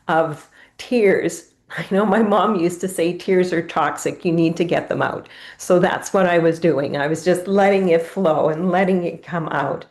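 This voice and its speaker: A woman's voice: on the low side, darkish tone. A woman guest in a live Q&A, sharing personal testimony in an earnest, heartfelt way.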